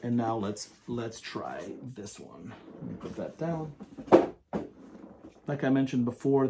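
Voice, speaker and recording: A man reviewing perfumes in a casual, enthusiastic, rambling way, often pausing to read product descriptions aloud. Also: medium pitch, darkish tone.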